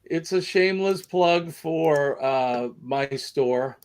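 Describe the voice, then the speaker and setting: A man's voice: fairly high pitch, slow pace, smooth. A man with a Southern American accent hosting a live stream, chatting casually and rambling with many fillers. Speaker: livestream host.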